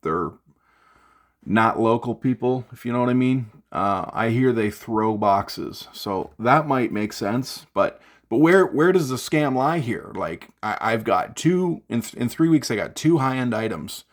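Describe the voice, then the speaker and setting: A man's voice: medium pitch, expressive, measured pace. A man venting in an unscripted vlog from his home studio, rambling with fillers and restarts. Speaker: gear vlogger.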